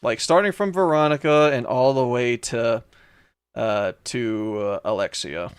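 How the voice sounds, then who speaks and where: Young male streamer, mid-pitch, rambles casually between puzzles, reads chat aloud. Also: a little slow, clear, resonant tone, no room sound. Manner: rambling, with frequent fillers and restarts. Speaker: let's play streamer. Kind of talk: casual gameplay commentary reading chat.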